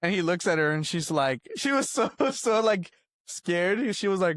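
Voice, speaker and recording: A man's voice: sits high, expressive, normal speed, fairly bright tone, dry recording, clean studio sound. A young man hosting a podcast, animatedly retelling a night out, laughing often and acting out what people said. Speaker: podcast host. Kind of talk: casual storytelling chat.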